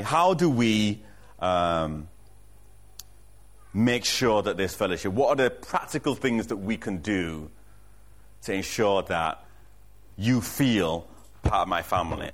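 Male pastor, sermon delivery; fairly low voice, earnest and emphatic, hammers key lines by repeating them, restarts phrases as he thinks aloud. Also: animated, unhurried, fairly bright tone. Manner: frequent restarts and self-corrections. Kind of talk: sermon to a congregation.

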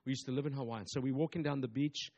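A man's voice: medium pitch, steady tone, quick pace, a little mellow, muffled recording. A man, a pastor preaching a sermon emphatically, with repetitive phrasing and call-and-response asides.

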